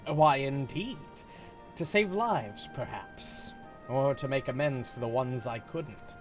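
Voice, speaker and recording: A man's voice: mid-range voice, animated, slow pace, soft background music. A man reading as a bitter resistance fighter. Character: bitter resistance fighter set on making amends. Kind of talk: reading game dialogue aloud.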